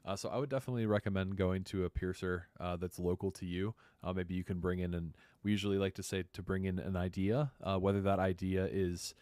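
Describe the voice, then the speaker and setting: A man's voice: low-pitched, little pitch movement, a little fast, few pauses, darkish tone, clean tone, dry recording. A man co-hosting a live stream who reads out viewer questions and chats, with frequent uh and um. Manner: hesitant, lots of uh and um. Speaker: co-host reading viewer questions.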